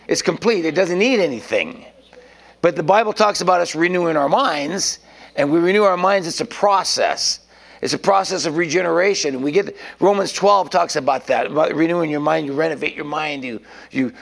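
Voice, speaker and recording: Gravelly folksy male preacher. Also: on the high side, fairly bright tone. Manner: rambling, folksy, frequent restarts. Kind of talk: informal sermon.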